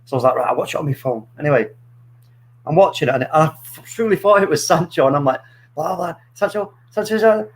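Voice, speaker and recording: A man hosting a casual football chat, telling stories in a rambling, animated way with many restarts. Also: on the high side, fast, breathy edge, low-quality recording. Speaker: podcast host.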